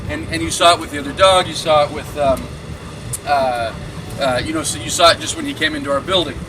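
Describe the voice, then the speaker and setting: A man working as a dog trainer, explaining his training method in an energetic, chatty way with plenty of fillers. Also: on the high side, brisk, noisy background. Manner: energetic and explanatory, lots of "you know" and "like". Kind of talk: instructional walkthrough. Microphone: camera following him while he works. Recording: distant mic with music behind.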